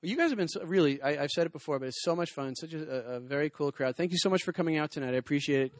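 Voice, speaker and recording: Man, stand-up comedian, rapid patter, dry close sound, rambling crowd work, self-deprecating. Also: fairly high pitch, no room sound. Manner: rambling, self-deprecating, quick asides to the audience. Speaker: comedian and cartoonist. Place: small hot venue with a spotlight.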